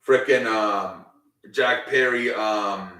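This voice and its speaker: A man's voice: on the low side, slow, sharp tone. A man casually recapping a wrestling show, rambling with lots of fillers and swearing freely. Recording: roomy, mic at a distance.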